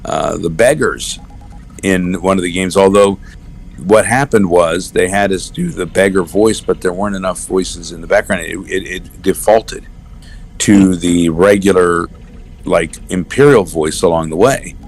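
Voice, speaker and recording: Deep-voiced man in easygoing interview. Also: a little hiss or hum. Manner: animated storyteller, slips into quick character voices. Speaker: voice actor guest. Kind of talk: casual interview chat.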